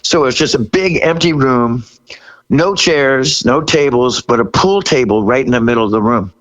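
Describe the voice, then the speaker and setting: A man in his sixties, a rock singer guest, telling stories in an interview with animated energy, laughing and acting out what people said. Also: mid-range voice, moderate pace, poor audio. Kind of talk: storytelling interview.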